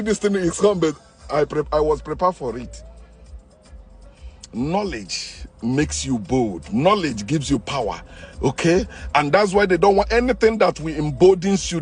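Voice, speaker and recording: A man delivering a forceful, preachy monologue, repeating himself and restarting phrases. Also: fairly high pitch, big pitch swings, moderate pace, slightly rough, faint music behind. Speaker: online commentator. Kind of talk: impassioned monologue.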